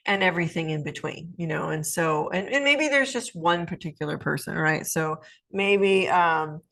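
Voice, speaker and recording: Chatty woman with a gravelly low voice. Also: moderate pace, fairly bright tone. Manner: chatty, rambling, lots of fillers and "right?"; acts out little quoted scenes in changed voices. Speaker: podcast host, life coach. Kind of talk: casual advice talk.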